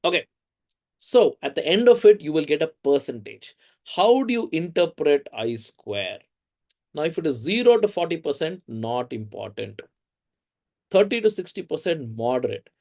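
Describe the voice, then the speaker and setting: A man with an Indian English accent teaching a research methods course in a lively, conversational way, often asking the audience questions. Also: a little high, moderate pace. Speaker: lecturer.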